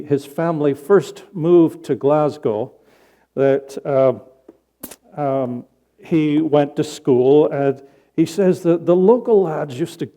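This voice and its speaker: A man preaches from the pulpit in a church sanctuary, easing into his sermon through a story. His voice sits a little high for a man but sounds dark and mellow. He talks at an unhurried, deliberate pace with conversational pauses. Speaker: pastor.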